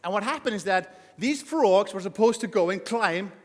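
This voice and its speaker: Motivational speaker, male, high and energetic, playful with the audience; live event hall with a long echo. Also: normal speed. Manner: energetic, joking, asks the audience questions. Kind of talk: motivational talk on stage.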